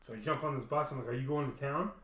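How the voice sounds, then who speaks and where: A man's voice: medium pitch, racing, bright, forceful tone, slight background noise. Casting note: man, rambling, swears constantly, acts out dialogue, recorded at a distance in an echoey room. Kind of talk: casual storytelling monologue.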